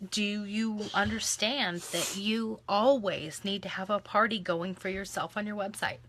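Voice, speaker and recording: Young woman at home, casual instructive delivery, lots of ums, bright tone. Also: medium pitch. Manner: hushed soothing of a child. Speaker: direct-sales team leader. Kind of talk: live video training.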